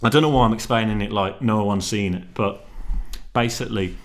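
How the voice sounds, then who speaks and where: Rambling young vlogger. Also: male voice, lowish voice, a little fast. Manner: rambling and slangy, full of restarts and swearing. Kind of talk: casual solo vlog chat.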